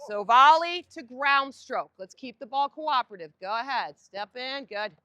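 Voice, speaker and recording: An energetic woman runs a tennis coaching session outdoors, firing questions at her group and calling out drills. Her voice is bright and forceful and a little high, and the sound is dry and close. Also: normal speed, no echo. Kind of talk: on-court coaching demonstration.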